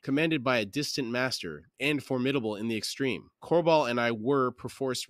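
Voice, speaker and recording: A man voicing a suave, polite male necromancer in a fantasy audiobook reading, formal and unhurried. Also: medium pitch, a bit bright, dry recording, clean studio sound, lightly acted.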